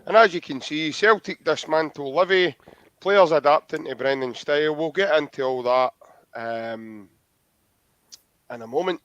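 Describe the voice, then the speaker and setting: Scottish man, higher voice, dry dull audio. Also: unhurried, fairly bright tone, no echo. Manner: chatty, friendly, laughs easily. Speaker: podcast host. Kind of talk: casual football podcast chat.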